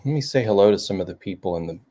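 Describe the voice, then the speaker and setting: A man's voice: on the low side, animated, rapid-fire, mellow. Rambling male host telling a story. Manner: rambling, storytelling with many restarts. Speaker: show host. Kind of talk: casual chat to a live audience.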